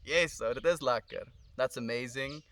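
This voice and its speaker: A man's voice: medium pitch, moderate pace, a little hiss or hum. A young South African man with a South African accent, chatting casually on a live stream outdoors from his phone and answering comments in a friendly, reflective way. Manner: relaxed, friendly, reflective, calls viewers friend. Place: outdoors under a tree in the sun.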